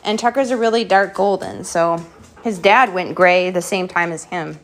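A woman hosting a home live stream, playfully giving her dogs quick commands and thanking viewers, a bit out of breath. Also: lowish voice. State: slightly out of breath. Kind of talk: live stream chat while training dogs.

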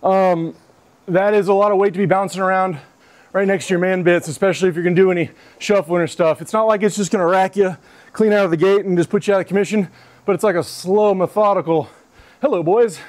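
A man's voice: high voice, steady tone, fast talker, darkish tone. Casual, out-of-breath man reviewing gear. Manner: casual, loose, swears freely. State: out of breath after a ruck march. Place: outdoors in his front yard. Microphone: clip-on mic.

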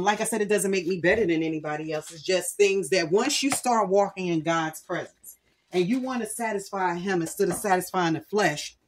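A middle-aged woman hosting a home cooking video, talking candidly and earnestly about her faith while she cooks. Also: on the low side. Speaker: cooking channel host. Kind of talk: casual cooking vlog with personal testimony.

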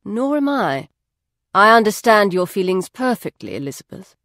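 Woman voicing a loyal male confidant, soft-spoken, measured, reassuring, audiobook, dry sound. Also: mid-range voice, sing-song, dry recording. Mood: grave.

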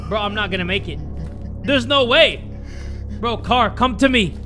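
A young man commentating a horror game, joking crudely and shouting in panic when chased. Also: high-pitched, normal speed, soft background music. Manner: loud, excitable, crude jokes, shouting in panic. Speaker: gaming YouTuber.

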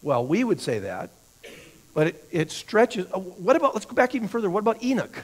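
A man's voice: sits high, sing-song, brisk. A man teaching a church Bible class, who asks the class questions, answers them himself and often repeats words while he thinks.

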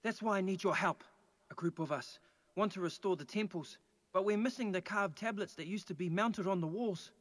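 A man's voice: sits high, fairly quick. A man voicing a polite male islander with a British accent, asking for help in a game. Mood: earnest. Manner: polite, pleading.

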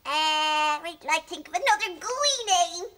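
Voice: very high voice, expressive, measured pace, sharp tone, exaggerated voice. A performer voicing a small, cheerful, childlike puppet with an Irish accent, eager and giggly, as a children's TV co-host. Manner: eager, giggly, wide-eyed.

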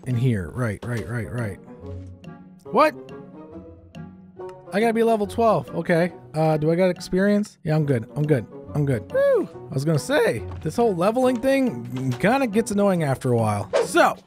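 A man narrating and reacting live as a gaming YouTuber, excitable and quick to cry out in alarm. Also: on the high side, music in the background. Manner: excitable, lots of startled exclamations. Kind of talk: let's-play commentary with narration.

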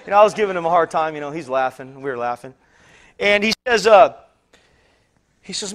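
A man's voice: fairly high pitch, animated, fairly quick, long pauses, fairly bright tone. A man preaching a sermon, telling a story in a rambling way, repeating words and acting out the voices of people he quotes. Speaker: pastor.

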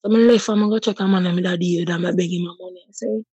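A woman's voice: on the low side, fairly even intonation, very fast, mellow, slightly rough, dry recording. A woman in her thirties with a Jamaican accent, telling her personal story with feeling in patois. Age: 30s. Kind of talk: personal testimony.

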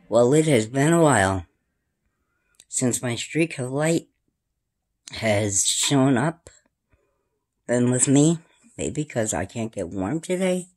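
A woman, filming at home and rambling casually to her camera and her cat, often sliding into a high sing-song baby voice. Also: lively intonation, slow pace, pauses often. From New York. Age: 50s. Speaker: paranormal vlogger. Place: indoors at home in a room.

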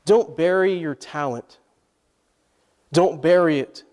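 High-voiced pastor preaching. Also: male voice, huge pitch swings, takes it slowly, long pauses, darkish tone. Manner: call-and-response preaching, asks the congregation questions. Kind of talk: sermon. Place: church sanctuary. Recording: long church hall reverb.

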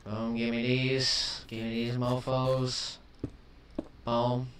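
A young man giving let's play commentary, chatting calmly and then flaring into shouted rage at the game, often swapping swears for milder words. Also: medium pitch, slow pace. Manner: swaps swears for mild substitutes. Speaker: gaming commentator. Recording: distant mic with faint hiss.

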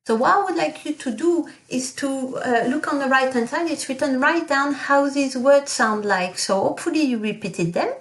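A woman's voice: fairly high pitch, animated, roomy sound. A woman teaching a recorded lesson, patiently explaining with fillers and self-corrections and carefully modelling pronunciation. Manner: slow, careful model pronunciation of French words. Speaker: French teacher. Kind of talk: recorded online language lesson.

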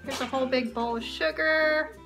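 A woman's voice: high voice, fairly even intonation, normal speed. A woman chatting cheerfully to the camera in a casual home vlog, showing what she is doing around the house. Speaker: vlogger. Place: family home, indoors. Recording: home video with music over it.

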